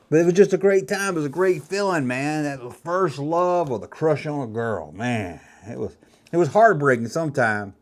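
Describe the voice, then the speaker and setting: Male host, fifties, mid-pitched, rambling nostalgic monologue, loose and chatty. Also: expressive, moderate pace. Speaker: YouTube host.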